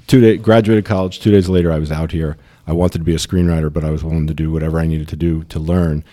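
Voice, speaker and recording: A distillery founder in his fifties with a New York accent tells his story as a guest in a casual interview chat, full of fillers. His bass voice is warm and fairly even in intonation, and he talks fast.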